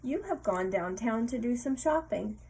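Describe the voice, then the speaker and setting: A woman reading a picture book aloud to a child, playful, pausing to ask questions and laughing often. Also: on the high side, lively intonation, noisy background.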